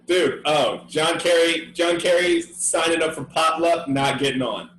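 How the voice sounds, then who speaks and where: Young male comic co-host, high-ish, laughy, profane banter; roomy mic, faint hiss. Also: measured pace. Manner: laughs often, animated impressions, swears casually. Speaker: podcast co-host. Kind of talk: casual comedy chat.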